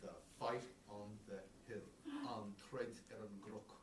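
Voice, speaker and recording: A man's voice: fairly low pitch, flat delivery, a little slow. A man with an Irish accent telling a story to preschoolers in a playful, exclamatory way, asking them questions as he goes. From Ireland. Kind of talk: animated storytelling for children. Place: preschool classroom. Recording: roomy, far from the mic, noisy.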